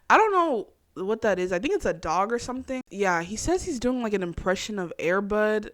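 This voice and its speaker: A young woman hosting her own chat show, reacting in a casual, animated, slangy way and laughing often. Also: medium pitch, no room sound, studio quality. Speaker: podcast host.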